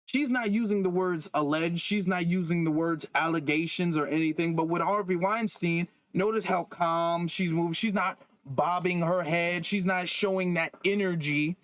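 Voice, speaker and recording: A man's voice: high-pitched, moderate pace, hardly any pauses, fairly bright tone, dry recording. A man giving reaction-video commentary, talking emphatically and repeating himself, with many interjections of "okay". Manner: repetitive, emphatic, often says okay.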